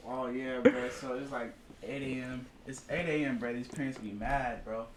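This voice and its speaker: A man co-hosts a sports podcast in a relaxed, easygoing voice at a middle pitch. He tells stories loosely, with lots of casual slang. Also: normal speed, echoey room, slight background noise. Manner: laid-back, says "bro" often. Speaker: podcast co-host.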